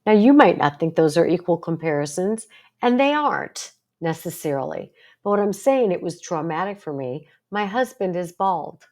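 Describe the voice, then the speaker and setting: An older woman with a lowish voice tells stories from her own life and draws a lesson from them. She talks in an earnest way and keeps asking rhetorical questions. She sounds like a psychologist speaking to the people in her support group. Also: big pitch swings, normal speed, a little mellow. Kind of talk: casual talk to camera.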